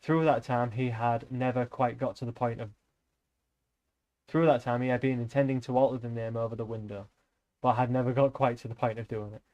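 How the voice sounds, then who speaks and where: A man's voice: mid-range voice, fairly even intonation, brisk, darkish tone. A man reading a novel aloud on a live stream, breaking off often for rambling, joking asides to his chat.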